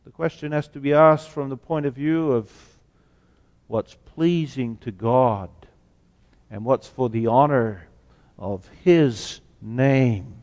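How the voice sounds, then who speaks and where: A man preaching a sermon as pastor, slow and deliberate, asking rhetorical questions. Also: mid-range voice, a little mellow. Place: church sanctuary. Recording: long church reverb.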